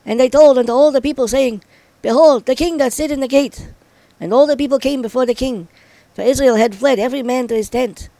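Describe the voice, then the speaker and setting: A man reading an old-style scripture passage aloud in a solemn, measured way. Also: very high voice, mellow, no echo, poor audio. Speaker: scripture reader.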